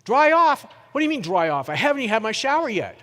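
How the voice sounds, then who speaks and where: A man voicing a frightened woman in her forties who speaks slowly and haltingly, as if pleading. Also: sits high, big pitch swings, fairly bright tone, long reverb tail, pitched above the performer's own voice. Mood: bewildered.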